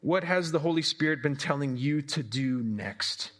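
A man delivers a devotional sermon in an easygoing, reflective tone, his voice sitting on the high side for a man. He speaks conversationally, slipping in casual fillers and turning often to rhetorical questions for his listeners. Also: normal speed, a bit bright. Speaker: preacher.

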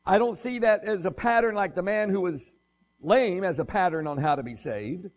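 Male preacher, husky tone, relaxed conversational sermon with dry humor, muffled recording. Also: high-pitched, normal speed. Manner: casual, joking, thinks aloud with restarts.

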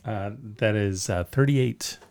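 A man's voice: lowish voice, takes it slowly, darkish tone. A man co-hosting a podcast, chatting casually with a hesitant, dry sense of humor. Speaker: podcast co-host. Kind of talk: casual chat.

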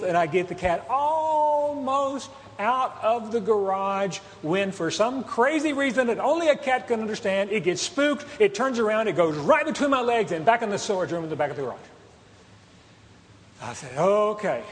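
A man preaching, telling a funny story with lively acted-out bits, meowing and shouting the lines he quotes. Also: high-pitched. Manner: animated storyteller, acts out meows and shouts. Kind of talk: storytelling sermon. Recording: hall reverb with faint ambience.

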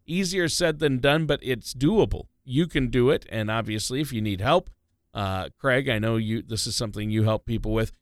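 A man's voice: medium pitch, normal speed, no room sound, clean studio sound. A man co-hosting a money radio show, easygoing and jokey, with filler words. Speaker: radio co-host. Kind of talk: casual radio talk.

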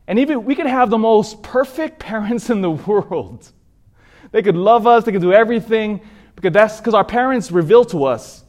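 A man's voice: sits high, a little mellow. A man from California, a priest, preaching a sermon in an earnest storytelling manner that rises for emphasis.

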